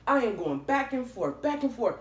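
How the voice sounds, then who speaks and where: Animated woman telling a wild story. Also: on the high side, moderate pace. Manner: animated, expressive, swears freely. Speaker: vlogger. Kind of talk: casual storytelling. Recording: roomy echoey room.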